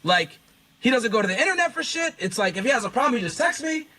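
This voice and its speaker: Very high-voiced, bright, husky man. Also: very animated, quick pace. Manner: profane, incredulous storytelling. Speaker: streamer reacting to clips. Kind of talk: live-stream commentary.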